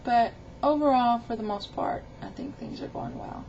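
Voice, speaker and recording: A woman's voice: on the high side, huge pitch swings, moderate pace, muffled recording, noisy background. A middle-aged woman recording a casual video diary about her weight loss, rambling and chatty as she tells a story with quoted dialogue.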